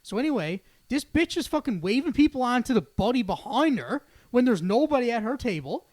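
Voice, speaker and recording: A man on a casual podcast, telling a story in a profane, animated rant. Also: extremely high pitch, a little fast, no room sound. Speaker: podcast co-host.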